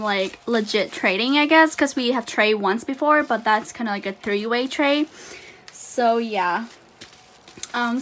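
A woman's voice: on the high side, a bit bright, slight background noise. A woman talking casually while unboxing a haul for her channel, gushing with exclamations and fillers. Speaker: YouTuber unboxing a photocard haul.

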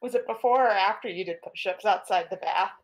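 A woman playing a tabletop game in casual chat, playful and quick to laugh and swear. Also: mid-range voice, low-quality recording. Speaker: player. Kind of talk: casual tabletop role-play.

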